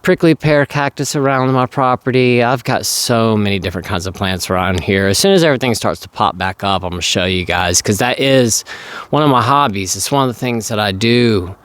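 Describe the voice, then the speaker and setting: Hoarse low-voiced man, rambling vlog. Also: fairly quick, a bit bright. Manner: rambling, frequent ums and throat clearing. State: hoarse, losing his voice. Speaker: vlogger. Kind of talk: casual vlog chat.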